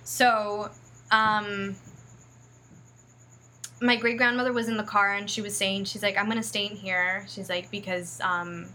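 A woman's voice: medium pitch, level tone, measured pace, pauses often, sharp tone. A woman telling a personal story in a casual, rambling way, full of fillers and acted-out quotes, and close to tears.

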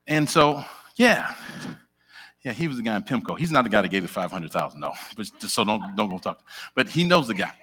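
A man's voice: on the low side, brisk, breathy edge. A middle-aged man preaching a sermon in a church, chatting directly with his congregation and asking them questions. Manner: animated, conversational, talks directly with the congregation.

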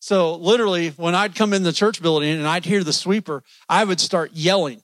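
A man's voice: high-pitched, brisk, few pauses, a bit bright, dry recording. A man preaching a sermon in a church, folksy and joking with the congregation.

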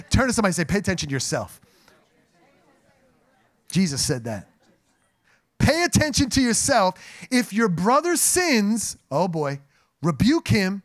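A man preaching a sermon to a congregation, animated and joking as he speaks to them directly. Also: sits high. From New Jersey. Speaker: pastor. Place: church sanctuary.

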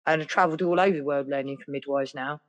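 Lively woman telling stories. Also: sits low, fast. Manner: lively, acts out other people's voices. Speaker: podcast guest. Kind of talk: casual storytelling.

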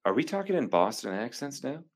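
Animated young man saying dude a lot. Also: mid-range voice, brisk. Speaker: podcast co-host. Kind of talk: casual comedic chat.

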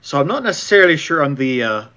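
A man's voice: a little high, very animated, quick pace, sharp tone, smooth, dull audio. A man who develops games, a guest in a casual chat, making dry wry remarks.

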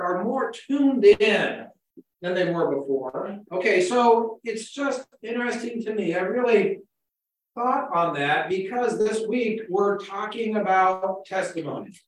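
High-voiced pastor preaching in an echoey hall. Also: male voice, far from the mic, slight background noise. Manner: casual, repeats words as he goes. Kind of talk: conversational sermon.

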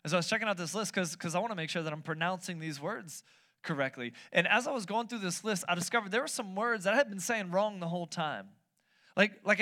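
Bright, high-voiced preacher man. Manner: playful, lively, engaging the audience with questions. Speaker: pastor. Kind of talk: sermon.

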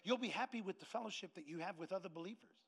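A middle-aged man, a pastor, preaching a sermon in a lively anecdotal way and acting out the voices of people in his stories. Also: high-pitched, racing, husky. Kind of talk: storytelling sermon.

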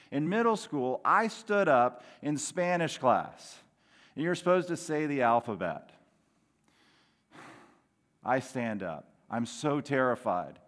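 A middle-aged man delivers a sermon in a fairly high voice, taking his time over every phrase. He preaches earnestly, dropping soft and then rising loud for emphasis. His voice rings with the long reverb of a large hall. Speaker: pastor.

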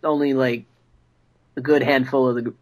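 A man's voice: mid-range voice, normal speed, dull audio. A man from New York who is a podcast guest, talking casually and animatedly. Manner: animated, laughs a lot.

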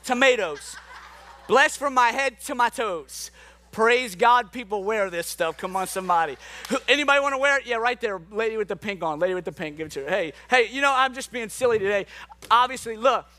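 A pastor preaching to his congregation in a high, bright voice. He jokes around and calls out to people in the room before reading scripture. His delivery is animated and playful. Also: fast. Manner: playful, jokey and animated with the crowd. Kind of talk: sermon. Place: church hall with a congregation.

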